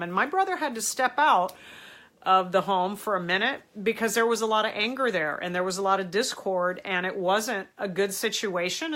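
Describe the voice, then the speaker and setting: An American woman hosting a live-stream advice talk, speaking in an animated, emphatic way and addressing her viewers directly. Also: medium pitch. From United States. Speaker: host.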